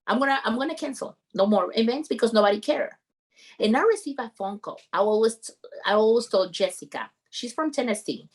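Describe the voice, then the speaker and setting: A woman's voice: on the high side, brisk, husky. Earnest woman, English. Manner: animated, earnest, non-native English grammar. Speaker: podcast guest, roofing business founder. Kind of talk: emotional storytelling in conversation.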